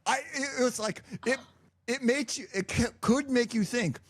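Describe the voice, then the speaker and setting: A middle-aged man rants his way through a casual podcast chat, stumbling and restarting as he laughs. His voice sits high, and the sound is dry with no room around it. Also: moderate pace, no echo. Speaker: podcast co-host, father.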